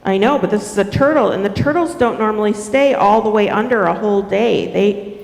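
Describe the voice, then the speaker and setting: A woman telling a children's story during a church service, animated and often checking in with the listeners. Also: medium pitch, a little fast, gravelly. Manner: animated, asks the audience questions. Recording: echoey hall reverb.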